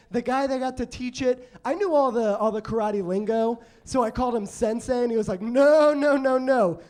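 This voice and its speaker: A man telling stories in a stand-up set on a comedy club stage, halting and self-deprecating, with many restarts. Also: extremely high pitch, darkish tone. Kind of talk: stand-up storytelling.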